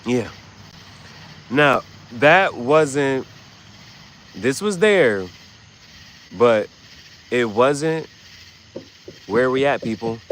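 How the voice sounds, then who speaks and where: A man hosting a livestream, giving casual, rambling, slangy commentary with sudden loud, excited bursts. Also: mid-range voice, slight background noise, rough recording. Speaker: livestream host.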